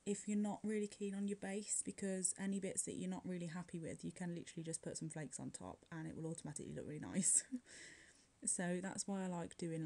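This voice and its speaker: A woman's voice: lowish voice, steady tone, fairly quick, creaky, warm tone. A woman chatting casually through a nail art voice-over, rambling with frequent light laughs and filler words. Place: at home, curling her hair while recording.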